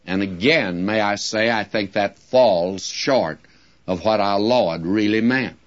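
In a lowish voice on dull-sounding audio, a man teaches a Bible-study sermon slowly and deliberately, in a folksy preaching manner, speaking directly to his listeners.

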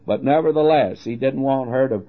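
An older man preaching on the radio, telling homely stories in a folksy way, pausing often with "uh". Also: mid-range voice, phone-quality sound. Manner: folksy storytelling with frequent "uh" pauses. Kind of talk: radio sermon.

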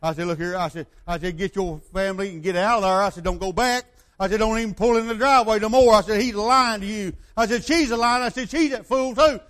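A man's voice: sits high, fast talker, a bit bright. An older man preaching a sermon, rambling through stories and asking his listeners rhetorical questions.

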